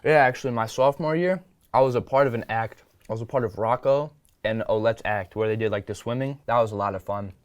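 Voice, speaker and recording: A man's voice: mid-range voice, fast talker, dry recording. A teenage boy chatting as a guest on a school broadcast, upbeat and rambling, talking with his mouth full. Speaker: student guest, upcoming event host. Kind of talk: casual chat interview.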